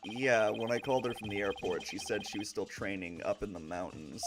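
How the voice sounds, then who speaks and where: A man's voice: on the low side, a little fast, close to an everyday voice. A man voicing a wry grown-up lawyer traveling abroad, reading game dialogue in a near-everyday voice. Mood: plain. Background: game music.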